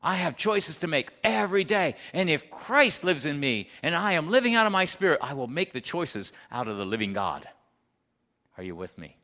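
A man preaching a sermon, emphatic, swinging between loud declarations and hushed asides and asking the congregation questions. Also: on the high side, sing-song, moderate pace. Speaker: pastor.

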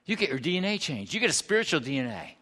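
A man preaching a sermon, emphatic, swinging between loud declarations and hushed asides and asking the congregation questions. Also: fairly high pitch, very animated, fast. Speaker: pastor.

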